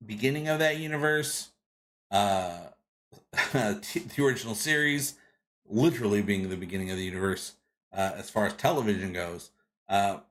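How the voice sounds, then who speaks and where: A man's voice: mid-range voice, a bit bright. A man hosting a live stream, chatting casually and reading out viewer comments, rambling with many restarts and greeting viewers by name. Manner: rambling with frequent restarts and fillers. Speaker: live show host.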